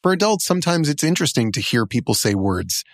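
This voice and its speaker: A middle-aged man talks in loose, joking podcast chat, his pitch sitting in an ordinary middle range. He is recorded close on a dry studio mic. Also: sing-song, dry recording. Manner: wry, joking, speeds up and slows down. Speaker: podcast co-host. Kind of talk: casual chat.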